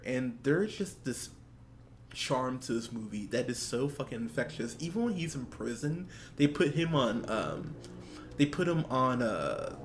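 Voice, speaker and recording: A young man co-hosting a movie podcast, gushing in casual chat, swearing often and laughing. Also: mid-range voice. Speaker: podcast co-host. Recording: faint background noise.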